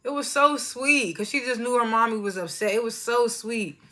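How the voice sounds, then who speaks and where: A woman's voice: a little high, moderate pace, few pauses, sharp tone. Woman, show reviewer, casual recap, rambling, slangy, self-mocking laughs. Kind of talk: casual chatty recap commentary.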